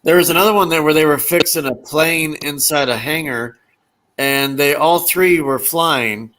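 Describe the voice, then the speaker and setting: A man with a fairly high, bright and forceful voice, chatting casually. He tells stories loosely, full of "and, uh" fillers, and slips into the characters' lines as he goes. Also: normal speed. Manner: animated storyteller, acts out quotes from comedy scenes; loose, rambling with many fillers. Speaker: conversation partner. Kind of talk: casual chat.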